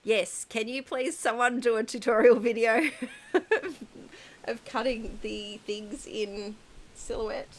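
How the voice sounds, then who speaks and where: A woman's voice: fairly high pitch, slow pace. A woman in her thirties chatting casually on a live stream, reading out viewers' messages with frequent ums and giggles. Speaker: livestream host reading chat.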